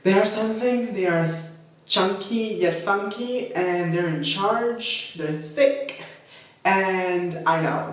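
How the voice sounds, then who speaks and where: Chatty makeup vlogger guy, kinda high voice, self-deprecating rambles, far from the mic. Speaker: beauty vlogger. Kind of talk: casual makeup review chat. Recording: echoey room, off-mic.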